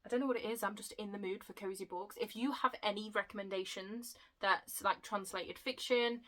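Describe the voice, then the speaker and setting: A young woman chatting casually to camera about her book haul, excitable and quick to laugh at her own slips. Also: mid-range voice, rough recording. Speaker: book vlogger.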